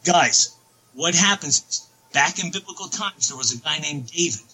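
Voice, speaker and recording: A man telling a long personal story as an interview guest, excitable and rambling, full of restarts and asides. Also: fairly high pitch, fairly quick, over loud music, low-quality recording. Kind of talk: casual storytelling on a podcast.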